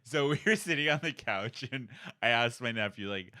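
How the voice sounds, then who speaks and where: A man co-hosting a casual podcast from home, telling family stories with lots of laughter and high-pitched impressions. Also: a little fast, hardly any pauses, clean tone. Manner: animated storyteller, mimics family in high voices, laughs often. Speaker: podcast co-host. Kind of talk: casual chat.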